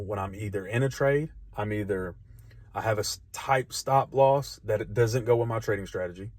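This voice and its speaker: A man's voice: on the low side, a little mellow, no echo. Candid man talking about his trading. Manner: candid, restarts often, speeds up and slows down. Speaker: trader documenting his journey. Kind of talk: casual vlog talk.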